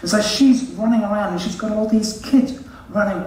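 Guy preaching a story, bit high voice, big echoey hall, mic kinda far off. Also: moderate pace. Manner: animated storyteller, acts out quoted voices. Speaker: church leader. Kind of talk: storytelling sermon.

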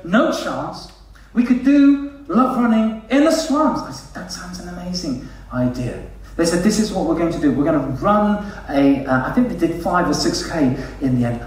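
A man telling a lively story as a church leader, acting out quoted voices. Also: a little high. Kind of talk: storytelling sermon. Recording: echoey hall, distant mic.

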